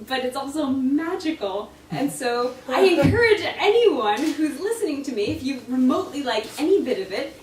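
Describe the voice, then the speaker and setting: Bubbly woman in an echoey bookstore. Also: a little high. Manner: bubbly, laughing, chatty. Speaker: author giving a reading. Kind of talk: casual talk at a live book event. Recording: echoey shop, mic from far off, faint noise.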